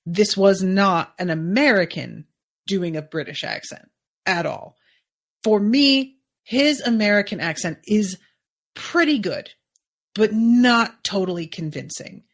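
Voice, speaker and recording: A woman's voice: medium pitch, expressive, slow pace. A woman hosting a podcast, casually recapping a TV episode in a chatty, musing way with plenty of "like" asides. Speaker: podcast host.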